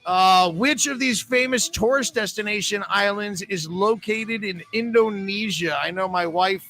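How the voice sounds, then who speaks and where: A man's voice: sits high, measured pace, bright, forceful tone, soft background music. A man with a New England accent hosting bar trivia, joking and chatty as he reads questions and scores. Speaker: trivia host.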